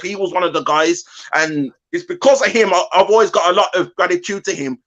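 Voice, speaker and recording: A man's voice: sits high, a little fast, hardly any pauses, fairly bright tone. A man from the UK, a hip-hop journalist guest, chatting loosely with lots of "you know what I mean". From United Kingdom. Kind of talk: casual interview chat.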